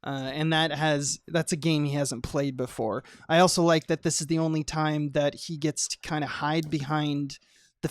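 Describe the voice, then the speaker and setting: Higher-voiced man musing, dry sound. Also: clean tone, no echo. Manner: thoughtful, hedging, many fillers. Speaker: podcast guest. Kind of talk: casual film discussion.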